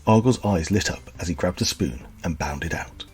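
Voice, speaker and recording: A man with a low voice hosts a comedy podcast. He delivers his jokes and history bits in a deadpan, mock-earnest way. Faint music plays behind him. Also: moderate pace, breathy edge. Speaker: podcast host.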